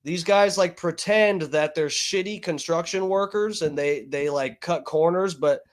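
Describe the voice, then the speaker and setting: Man, fairly high voice, casual stream commentary, rambling, profane, lots of fillers. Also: measured pace. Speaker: streamer reacting to videos.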